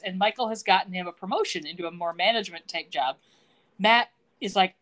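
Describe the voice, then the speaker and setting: A woman with a mid-range, sing-song voice, a bit bright, speaks at a moderate pace. She co-hosts a podcast, chatting loosely about a TV episode, laughing often and voicing the characters' quotes.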